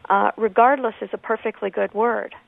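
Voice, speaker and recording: A woman talks over a phone line to a radio show, her voice a little gravelly and the sound thin and boxy. She explains word usage in a measured, thoughtful way, pausing to find her words. The audio is dry and close. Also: fairly high pitch, fairly even intonation, no echo. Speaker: grammar author, radio guest. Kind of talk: radio call-in conversation.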